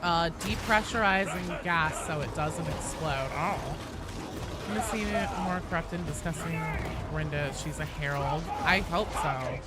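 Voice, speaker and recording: A gaming streamer chatting casually with viewers, reading chat aloud and deliberately speaking higher to avoid vocal fry. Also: over loud music. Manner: chatty, reads and answers chat; talks in a raised pitch on purpose to avoid vocal fry. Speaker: gaming livestream host.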